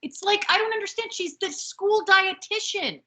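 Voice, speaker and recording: A woman's voice: extremely high pitch, normal speed. A woman co-hosting a podcast, chatting casually as she recaps a TV episode and acts out the characters' lines. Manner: animated, acts out quotes from the show. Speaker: podcast co-host.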